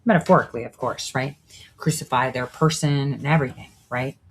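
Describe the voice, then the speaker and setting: A woman's voice: a bass voice, a little fast, slight background noise. A woman hosting a show, delivering a preachy, profane monologue full of rhetorical asides. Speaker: show host. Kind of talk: monologue commentary.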